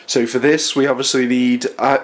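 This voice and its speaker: A man's voice: mid-range voice, measured pace. A man with a nasal voice from a cold, chatting casually through a home winemaking how-to, with lots of ums and small restarts. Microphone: handheld camera, no tripod.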